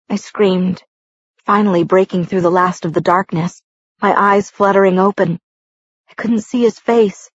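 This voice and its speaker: A woman with a husky voice reading a first-person novel aloud, voicing the dialogue as she goes. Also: fairly low pitch, steady tone, moderate pace, no echo. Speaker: audiobook reader. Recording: dull lo-fi recording.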